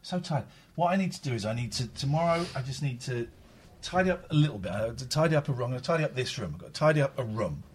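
A man's voice: mid-range voice, expressive, racing, hardly any pauses, slight background noise. A tired man, host of a casual live stream, rambling and repeating himself.

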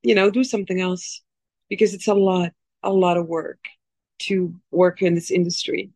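A woman in her forties with a slight French accent tells a long story as an interview guest. She rambles and restarts often, and her voice rises and falls with lively emphasis. The sound is dry and close. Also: lowish voice, normal speed, dry recording. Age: 40s. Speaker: actress guest. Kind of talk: casual podcast interview.

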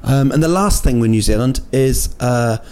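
A clear, resonant male voice of medium pitch carries a darkish tone at a normal speed. Hosting a casual solo podcast from an indoor room in a city at night, he rambles, jokes, and keeps restarting with lots of filler words.

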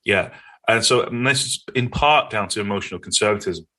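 A low, husky man with a Northern English accent speaks as an interview guest. His tone is bright and forward, and he tells his stories in an earnest, animated way. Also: brisk. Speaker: podcast guest. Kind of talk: conversational interview.

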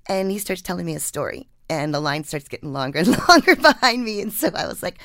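A woman writer chatting about her work and reading her story aloud, an animated storyteller who acts out quotes. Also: on the low side, fast, dry recording, studio quality. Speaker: writer and guest.

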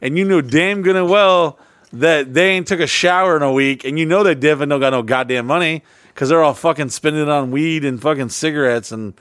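A man co-hosting a podcast in casual chat, telling profane stories loudly and jumping up in pitch. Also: a little fast, clean tone, dry recording, studio quality. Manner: profane, loud storytelling with sudden pitch jumps. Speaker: podcast co-host.

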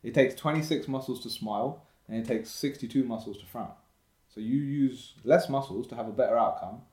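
A man's voice: mid-range voice, brisk, darkish tone, reverberant. A man talking as a podcast guest in a casual, upbeat, motivational way.

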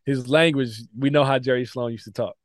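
A man, a former pro basketball player, telling lively stories in a casual podcast chat, with lots of "like" fillers and laughter. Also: medium pitch, brisk, no room sound, clean studio sound. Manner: animated storytelling, frequent "like" fillers and laughs.

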